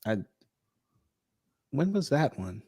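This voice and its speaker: A man's voice: mid-range voice, sing-song, warm tone, husky. A man hosting casual podcast chat, mostly chiming in with short agreements. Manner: quick interjections and short agreements.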